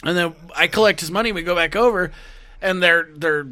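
High, bright, excitable man. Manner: excitable, laughing, quick to jump into the story. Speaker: podcast co-host. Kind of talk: casual chat.

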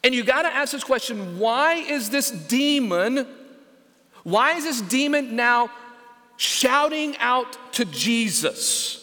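A male pastor delivers a sermon with a high, bright and forceful voice. He is emphatic and keeps turning to his listeners with questions. The sound carries the long reverb of a large church sanctuary. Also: lively intonation, slow pace. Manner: emphatic preaching, asks the congregation questions. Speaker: senior pastor.

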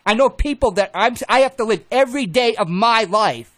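Indignant older man yelling in argument. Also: sits high, animated, normal speed, no room sound. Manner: yelling, indignant, repeats himself. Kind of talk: heated on-air argument.

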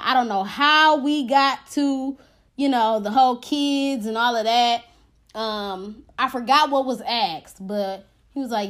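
A high-voiced woman tells a story on her podcast in loose, slangy, profane chat. She sounds animated as she records on her phone from bed at home. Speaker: podcast host. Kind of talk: casual storytelling.

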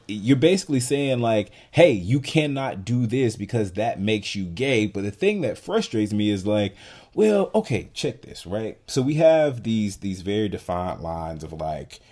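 A man with a fairly low voice holds forth in a casual podcast conversation. He talks in an animated, emphatic way, with his pitch jumping up as he makes a point. His speech is full of "like" and "you know what I'm saying". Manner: animated, emphatic, heavy use of "like" fillers. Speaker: podcast co-host.

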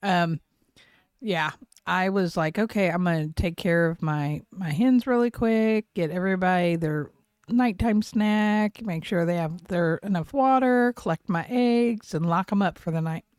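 A woman's voice: fairly low pitch, a little slow, darkish tone, clean tone, dry recording, studio quality. A middle-aged woman co-hosting a podcast, telling a story in casual chat, swearing freely and laughing often. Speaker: podcast co-host.

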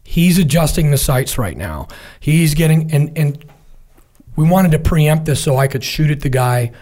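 A middle-aged military veteran tells a war story in casual conversation, vividly narrating and animatedly acting out what his comrades said. His voice sits a little high and he speaks a little slowly.

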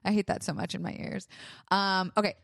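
Young woman, podcast co-host, casual chat, animated storyteller, dry close mic. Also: medium pitch, fairly quick, gravelly, no echo. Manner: animated storytelling, acts out quotes, frequent "like".

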